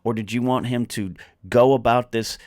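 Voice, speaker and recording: A man's voice: mid-range voice, fairly even intonation, moderate pace, a little mellow, no room sound, clean studio sound. A man on a podcast as a guest, talking casually and animatedly, rambling with lots of restarts. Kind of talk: casual chat.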